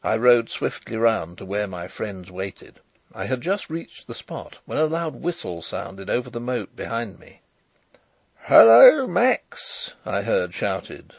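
Brief: male audiobook narrator, measured and expressive, close and dry. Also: lowish voice, no echo. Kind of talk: scripted narration of a novel.

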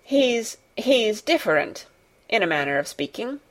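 A woman's voice: a little high, very animated, a little slow. A woman reading the part of a flustered, fussy middle-aged housekeeper who explains breathlessly to her master. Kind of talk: audiobook character reading.

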